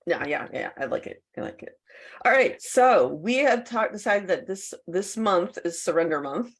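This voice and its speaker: A woman's voice: fairly low pitch, expressive, moderate pace, slightly rough. A woman co-hosting a casual podcast, chatty and laughing often between thoughts. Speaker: co-host.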